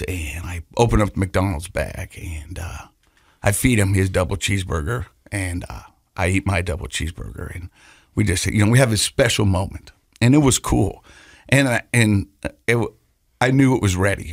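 A low-pitched man, recorded in studio quality with no echo, tells a casual personal story while co-hosting a podcast. He rambles, restarts, repeats words and laughs along the way before becoming earnest and reflective.

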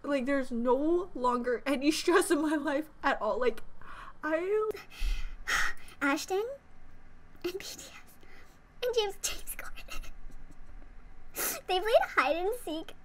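Very high-pitched, breathless gushing young woman. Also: animated, takes it slowly, long pauses, a bit bright. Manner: gushing, breathless, swearing, repeating herself. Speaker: fan reacting to a performance. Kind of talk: excited reaction vlog.

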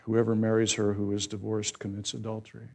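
A male pastor giving a conversational sermon that builds into loud, emphatic preaching. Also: on the low side, completely flat delivery, a little fast, creaky.

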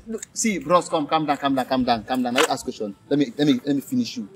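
A man's voice: medium pitch, fast, few pauses, background noise. A young Nigerian man in a street interview, talking angrily and emphatically, repeating himself. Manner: angry, emphatic, repetitive.

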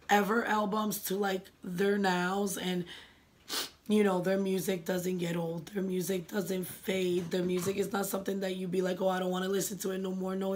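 A woman's voice: medium pitch, darkish tone. A middle-aged woman talking earnestly and from the heart in a casual personal vlog, with plenty of ums and likes. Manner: earnest, heartfelt, with many fillers. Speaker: vlogger.

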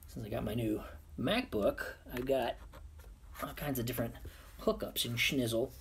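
A man with a medium-pitched voice talks at a moderate pace over slight background noise. He's hosting a casual podcast livestream, playfully muttering silly asides to himself while he gets set up at his computer.

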